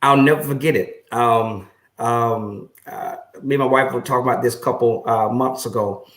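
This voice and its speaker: A man who is a pastor, telling his story in an interview in an earnest, reflective way that grows lively when he recounts conversations. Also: mid-range voice, moderate pace. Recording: echoey room.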